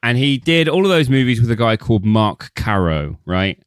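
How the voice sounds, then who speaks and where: A man's voice: medium pitch, very animated, normal speed, clean tone, no echo, studio quality. A man co-hosting a casual film podcast, laughing often and swearing freely as he acts out quoted voices. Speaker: podcast co-host.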